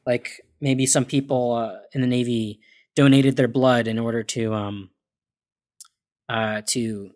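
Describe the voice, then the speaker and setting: A man's voice: medium pitch, steady tone, unhurried, a little mellow. A man on a casual discussion podcast, thinking aloud with many fillers and restarts. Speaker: podcast panelist.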